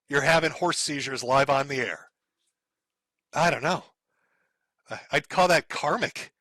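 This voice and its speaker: Bright-voiced man mocking on stream. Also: fairly high pitch, normal speed, no echo. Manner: sarcastic, mocking, laughs often. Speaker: streamer host. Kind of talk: mocking live-stream commentary.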